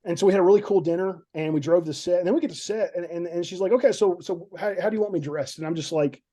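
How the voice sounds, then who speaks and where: A man's voice: high voice, fast, dark tone. A man, a film director, telling a story in casual podcast chat, rambling and repeating words as he goes.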